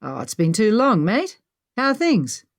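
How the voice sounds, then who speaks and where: A woman's voice: medium pitch, wildly swooping pitch, measured pace, no echo, voice pushed up. A woman voicing a wry, teasing adventurer man with a dry sense of humor.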